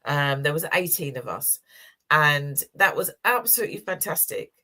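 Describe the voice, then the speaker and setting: A woman in her sixties co-hosts a community chat show, sharing personal stories in a warm, emotional, chatty way punctuated by laughs. Her voice is low and expressive, and she speaks at a moderate pace.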